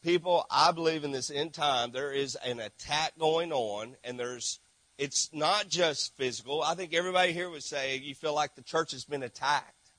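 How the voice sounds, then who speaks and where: A middle-aged man preaching with a high, bright voice, with a tone that sits above most men's. He tells his stories animatedly, dropping to hushed asides and then rising to shouts. The sound is dry and close, with almost no room echo. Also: moderate pace. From Texas. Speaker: missionary preacher. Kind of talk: sermon.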